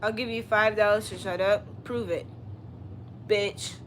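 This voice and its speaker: A woman's voice: medium pitch, fairly even intonation, a little slow, fairly bright tone, a little hiss or hum. Blunt, profane young woman livestreamer. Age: 20s. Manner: blunt, profane, sassy, answers chat questions. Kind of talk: casual live-stream chat.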